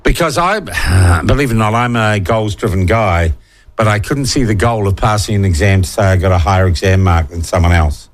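A man's voice: fairly low pitch, brisk. A man with a New Zealand accent hosting talkback radio, bluntly chatting and reading out listener texts. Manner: blunt, irreverent, reads listener texts aloud. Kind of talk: opinionated talkback radio chat.

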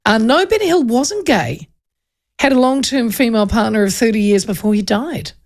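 A New woman co-hosts a radio show in easy, chatty talk. Her voice has a gravelly, creaky edge, and she laughs often as she reads out texts. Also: a little high, animated, normal speed. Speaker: radio co-host reading listener texts. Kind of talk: casual on-air chat.

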